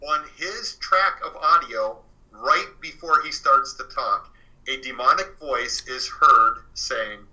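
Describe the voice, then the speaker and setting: A man's voice: mid-range voice, takes it slowly, pushed and bright, rough recording. A man talking as an author and interview guest, telling his story in earnest, with many fillers and restarts.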